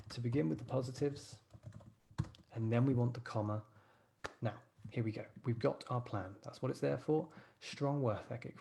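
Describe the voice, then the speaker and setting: A man's voice: mid-range voice, vocal fry, dark tone. A man teaching a live writing class, encouraging his students and thinking aloud as he types.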